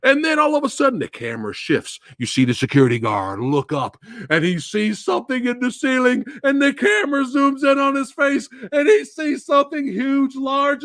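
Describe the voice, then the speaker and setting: Animated, profane man ranting about a movie. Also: very high-pitched, dry recording, studio quality. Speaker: movie reviewer host. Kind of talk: ranting live stream review.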